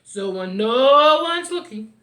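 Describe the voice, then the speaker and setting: Woman doing a slow, booming polar bear. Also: expressive, sharp tone, exaggerated voice. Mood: gloomy. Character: big slow polar bear afraid of cold. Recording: echoey room.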